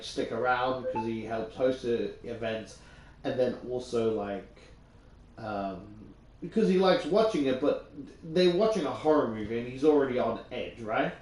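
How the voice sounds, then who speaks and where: A man's voice: medium pitch, lively intonation, moderate pace, darkish tone. A young Australian man casually reading and retelling a book, rambling with lots of fillers and restarts. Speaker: YouTuber reading a book aloud. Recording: roomy echo.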